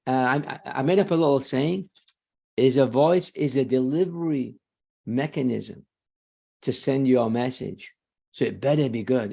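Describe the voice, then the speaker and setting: Man, gravelly voice, emphatic and self-assured, sales trainer on a webinar. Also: medium pitch, warm tone. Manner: confident, emphatic, quick self-corrections. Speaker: real estate sales trainer. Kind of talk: guest talk on a sales webinar.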